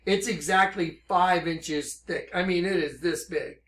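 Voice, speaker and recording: A man giving an impassioned religious monologue, intense and excitable, reading scripture slowly and emphatically, then telling his story at a rush. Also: sits high, reverberant. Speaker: religious speaker.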